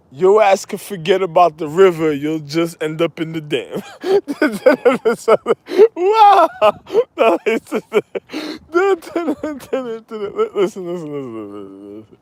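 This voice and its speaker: Erratic, repetitive man, lively pitch. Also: slow pace. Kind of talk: rambling monologue to camera.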